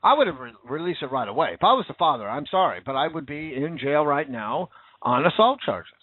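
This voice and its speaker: A man's voice: on the high side, sing-song, brisk, dry recording. A man delivering an angry, profane rant full of rhetorical questions, turning sarcastic at times. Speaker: commentator. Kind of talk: angry ranting monologue. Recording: tinny phone-like dry sound.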